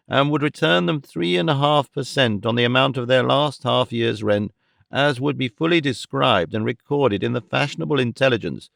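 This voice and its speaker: A man narrating a classic novel as an audiobook, in a measured, wry storytelling manner. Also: mid-range voice, gravelly, a bit bright, no room sound, clean studio sound.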